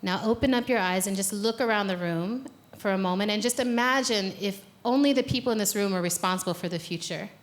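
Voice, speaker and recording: At a conference venue, an American woman who is a speaker and organizer leads a guided exercise, then gives a playful, conversational talk from the stage, laughing at her own jokes. Her mid-range voice moves a little fast with few pauses.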